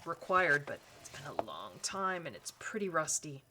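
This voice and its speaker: A woman talks casually while she pages through a colouring book, her voice pitched a little low. She rambles, restarts her sentences and fills the gaps with "um" and "like". Some faint room ambience sits quietly behind her. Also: sing-song, moderate pace, noisy background. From Canada. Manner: rambling, self-correcting, with frequent fillers. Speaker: colouring channel host. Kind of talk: chatty book flip-through narration.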